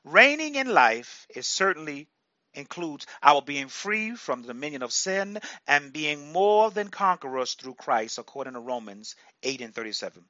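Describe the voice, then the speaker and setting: A male preacher delivering a sermon, repeating phrases for emphasis and breaking into sudden loud bursts. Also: a little high, very animated, moderate pace, no room sound, muffled recording.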